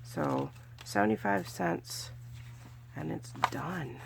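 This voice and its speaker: With a low voice, slow pace, and vocal fry, a budgeting vlogger from California narrates her cash challenges casually over background noise. She's chatty, counting her money aloud and giving small cheers.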